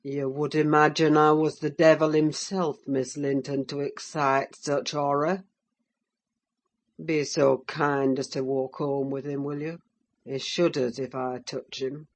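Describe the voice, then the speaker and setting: A woman reading as a harsh, menacing father, his voice pushed low and drawled slowly. He speaks with gruff scorn in an audiobook, lingering over each threat. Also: little pitch movement. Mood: menacing, scornful. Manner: gruff, scornful, growls then bursts into shouts. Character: harsh, menacing middle-aged man, cruel father.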